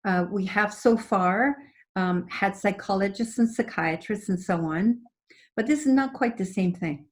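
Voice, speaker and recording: An older woman, a guest psychic on an interview show, telling personal stories in an expressive way and often laughing. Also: medium pitch, measured pace. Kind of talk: animated storytelling in conversation.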